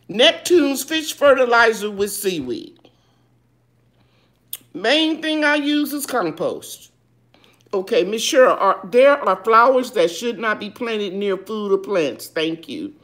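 A woman hosting a live gardening chat. She reads viewers' questions aloud and answers them in a homey, loose way, calling people baby. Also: medium pitch. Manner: loose, with fillers and restarts. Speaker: gardening show host.

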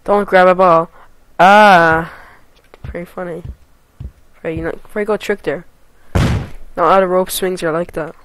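A woman giving gameplay commentary, excitable and foul-mouthed, with loud sudden yelps and shouts between muttered remarks. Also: lowish voice, unhurried, long pauses, poor audio. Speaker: let's play gamer.

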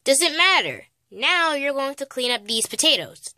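Woman as a strict scolding mom, high bright voice, lively sharp commands. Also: unhurried, slight background noise, full character voice. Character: stern scolding mother of daughters.

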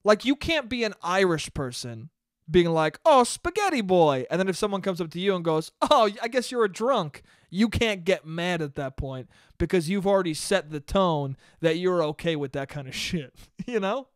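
A man talks loosely on his own podcast, breaking into laughter often and swearing freely. His voice sits high and swings widely in pitch. The sound is dry and close. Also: animated, moderate pace, clear, resonant tone, no room sound. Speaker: podcast host. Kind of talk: casual solo podcast rant.

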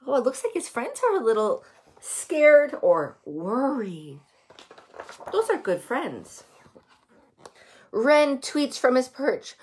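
A woman reading a children's picture book aloud in an unhurried, gentle way. Her voice sits a little high and swoops up and down with lots of expression. She pauses to chat with the young listeners about the pictures. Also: animated. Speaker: children's story reader.

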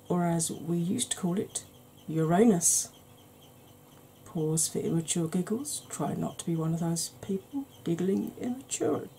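A woman talks through a makeup look in a casual, rambling way, full of little self-deprecating asides. She speaks at an unhurried pace in a mellow, warm voice. A faint hum of room ambience sits behind her. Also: medium pitch. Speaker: makeup channel host. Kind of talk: casual makeup tutorial chat.

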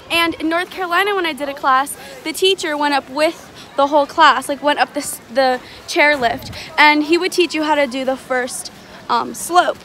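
A young woman with a high, bright-sounding voice chats excitedly to her phone camera in a casual vlog, her sentences full of "um" and "like". The phone recording is noisy, with constant background sound behind her. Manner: chatty and excitable, lots of fillers like "um" and "like". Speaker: vlogger.

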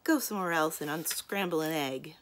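A woman's voice: sits low, a little fast, fairly bright tone. A woman voicing a tall, skinny teenage bully who throws insults and threats in a children's storybook read-aloud. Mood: insulting.

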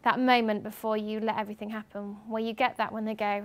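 A young woman from England giving a lively talk to students at a university as a guest speaker, acting out what other people said as she tells her stories. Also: medium pitch, fast, hardly any pauses. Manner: animated storytelling, acting out others' lines. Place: university lecture room.

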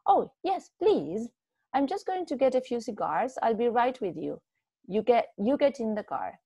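A woman's voice: mid-range voice, very animated, moderate pace, a little mellow, dry recording. A woman doing a frantic, pleading wife. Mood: anxious pleading. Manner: pleading, breathless urgency. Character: anxious, hurried older wife.

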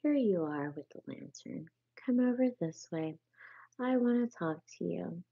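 A woman reading the part of a hearty, masterful male water rat in a bedtime storybook, brisk and commanding. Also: on the low side, animated, vocal fry, dark tone, breathy edge, dry recording, full character voice. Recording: tinny phone-like sound, dry.

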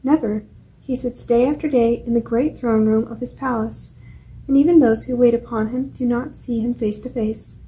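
A woman's voice: on the high side, fairly even intonation, moderate pace, dark tone, lightly acted, poor audio. A woman reading as a talkative country farmer. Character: curious country farmer man, friendly and talkative.

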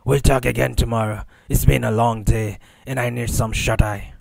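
An easygoing, restless young man talks in plain blunt slang, as a male reader voices him. His voice sits at an ordinary pitch and the audiobook sound is dry and close. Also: steady tone, moderate pace, creaky, a little mellow, dry recording. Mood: frustrated.

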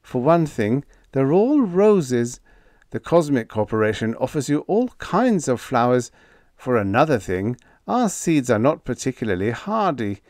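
A man's voice: mid-range voice, big pitch swings, a little slow, a little mellow, dry recording, clean studio sound, pitched above the performer's own voice. A man voicing a meek, mild-mannered young spaceship officer who talks blandly and stammers when flustered, in an audiobook. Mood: sorrowful. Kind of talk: audiobook character voice.

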